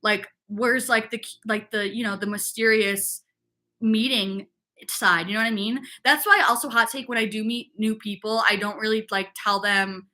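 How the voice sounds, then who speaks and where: A woman's voice: mid-range voice, fairly even intonation, normal speed, bright, forceful tone. A young woman from upstate New York, hosting a casual fitness livestream and telling a rambling, gossipy story packed with "like" fillers, and answering chat comments.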